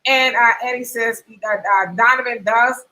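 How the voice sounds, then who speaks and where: Middle-aged woman host, bright and lively, chatty live-stream talk, reads comments aloud. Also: a little high, normal speed, rough recording. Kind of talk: casual live-stream chat reading comments.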